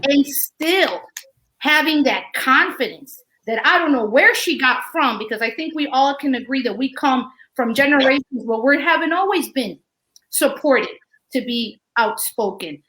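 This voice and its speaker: Bright, earnest woman on a video call. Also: high voice, animated, measured pace. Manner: earnest, passionate storytelling. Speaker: panel guest speaker. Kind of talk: casual panel talk.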